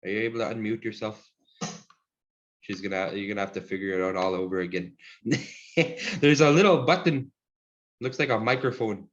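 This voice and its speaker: A man teaching a language lesson over a video call, relaxed and encouraging, laughing often. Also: on the low side, normal speed, pauses often, muffled recording.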